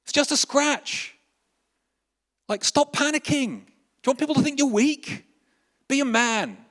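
A man's voice: very high-pitched, measured pace, a bit bright, pitched above the performer's own voice. A man putting on the voice of a harsh father who scolds his crying little boy, barking short dismissive orders. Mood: scolding.

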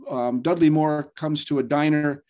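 A man guest telling show-business anecdotes in a lively way, acting out the lines of the people in them. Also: a little high, normal speed. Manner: animated storyteller, acts out quotes. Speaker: guest, TV producer and author. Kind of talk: anecdotal storytelling.

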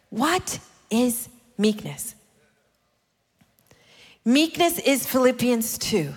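A woman in her thirties preaching a sermon, animated and playful, acting out the voices of the people she quotes. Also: sits high, slow, long pauses. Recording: long hall reverb.

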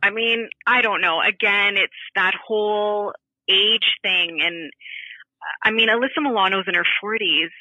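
A woman's voice: mid-range voice, unhurried, pushed and bright, no room sound, muffled recording. A woman co-hosting a podcast, chatting casually and sounding bemused, laughing often. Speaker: podcast co-host. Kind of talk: casual chat.

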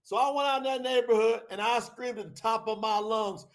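High-voiced fervent male preacher. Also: a little fast. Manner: fervent preaching, shouting out at peaks. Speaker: podcast host and preacher. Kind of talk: livestreamed scripture talk.

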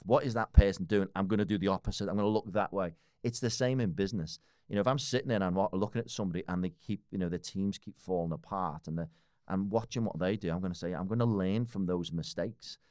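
Blunt low-voiced man in his forties. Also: a little mellow, smooth, no room sound, clean studio sound. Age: 40s. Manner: blunt, swears freely, laughs often. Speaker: guest. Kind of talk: casual podcast conversation.

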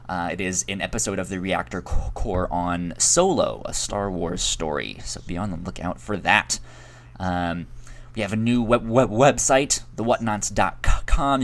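A young man co-hosting a podcast, chatting casually with many ums and restarts. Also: on the low side. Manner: rambling, frequent ums and restarts. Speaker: podcast co-host. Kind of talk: casual chat.

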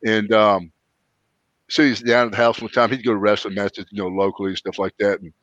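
A man chats casually as a podcast host and slides into loose, folksy stories. The audio is dry and a bit dull, like a low-fidelity recording. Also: brisk, no echo. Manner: folksy, rambling storyteller with lively quoted voices. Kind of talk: casual chat, storytelling.

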